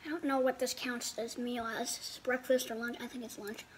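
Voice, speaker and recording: High-voiced woman rambling through a food review. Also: little pitch movement, fairly quick, background noise. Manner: rambling, thinks aloud; talks with mouth full. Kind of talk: casual chat while eating.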